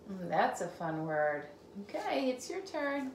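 A woman teacher leading a phonics game for young children, sounding out words slowly, repeating them and praising the child between turns. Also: mid-range voice, very animated, reverberant, slight background noise. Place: home room.

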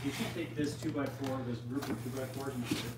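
A man's voice: mid-range voice, steady tone, fast talker, rough recording. A man in casual chat, giving practical instructions while setting up a puppy pen.

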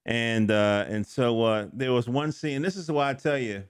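Middle-aged male reviewer, casual rambling delivery, mid pitch, dry close sound. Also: moderate pace, clean tone, dry recording. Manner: rambling, self-correcting, joking asides. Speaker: comic book reviewer. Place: home studio.

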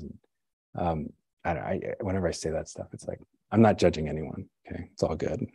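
A man's voice: low voice, brisk, creaky, warm tone, breathy edge, dry recording. A man, a Zen teacher, giving a conversational dharma talk, musing aloud and often checking in with "right?" and "you know". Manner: conversational, musing, self-questioning.

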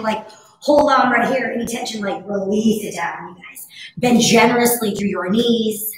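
A woman fitness instructor with a hoarse, husky voice, cueing breaths and moves in a casual, encouraging live workout class. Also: medium pitch, a bit bright. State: hoarse from overuse. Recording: very echoey room.

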